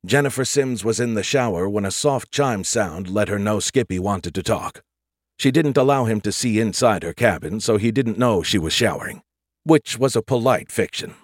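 Steady male audiobook narrator. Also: lowish voice, no echo, clean studio sound. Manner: steady, measured reading.

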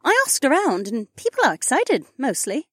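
A man's voice: extremely high pitch, wildly swooping pitch, normal speed, fairly bright tone, husky, no echo, clean studio sound, voice pushed up, heavily acted. A man reading an audiobook, voicing a perky, cheeky young blonde woman with a chirpy, bouncy delivery.

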